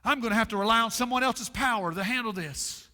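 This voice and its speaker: Male pastor, sermon, repetitive call-and-response cadence, bright ringing tone, reverberant sanctuary. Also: very high-pitched. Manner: preaching with dramatic pauses and repetition. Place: church sanctuary.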